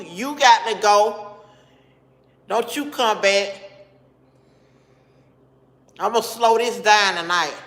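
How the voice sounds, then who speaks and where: Blunt, bright-voiced woman streaming in an echoey room. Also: a little high. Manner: scolding, blunt, talks back to commenters. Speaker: live-stream host. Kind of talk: casual live-stream chat with viewers. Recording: echoey room with long reverb.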